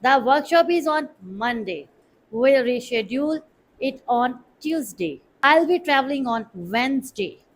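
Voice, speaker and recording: A woman teaching pronunciation at a very slow, careful pace, with a voice pitched a little high. She drills each word syllable by syllable and repeats it. A faint hum sits behind her. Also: animated, low-quality recording. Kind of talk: slow, deliberate pronunciation lesson.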